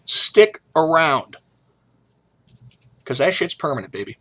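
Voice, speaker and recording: A man's voice: fairly high pitch, sing-song, slow pace, a bit bright. A middle-aged man talking frankly and emotionally in a personal vlog, blunt and profane but earnest. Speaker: vlogger.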